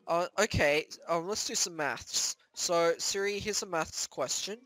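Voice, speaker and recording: A young adult gaming host giving excitable let's-play commentary, breaking into screams at scares and rambling in self-mocking asides. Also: medium pitch, a little slow.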